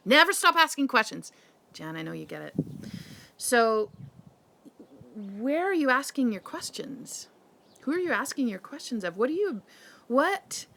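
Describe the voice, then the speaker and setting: A woman's voice: a little high, big pitch swings, unhurried, gravelly, pauses often, a bit bright, a little hiss or hum. A woman from Canada, a health and nutrition coach, talking straight to her viewers in a passionate, rambling way full of rhetorical questions. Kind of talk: casual direct-to-camera monologue.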